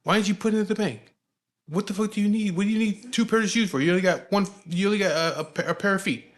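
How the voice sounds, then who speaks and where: A man doing a shouting, strict, cursing father. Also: sits high, pitched above the performer's own voice, lightly acted. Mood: scolding. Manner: yelling, cursing, scolding rapid-fire questions. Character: strict, hot-tempered father, middle-aged man.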